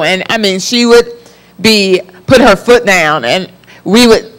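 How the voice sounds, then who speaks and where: A young woman from the Florida Panhandle tells a personal faith story on a talk show. Her storytelling is animated, and she breaks into laughter often. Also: medium pitch, measured pace, smooth. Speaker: guest.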